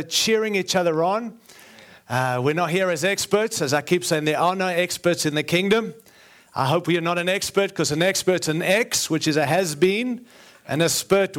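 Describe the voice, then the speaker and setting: Earnest preacher man with Australian-American accent. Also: on the high side. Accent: Australian-American mix. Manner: earnest, jokey asides, repeats phrases for emphasis. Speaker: guest preacher. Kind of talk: sermon.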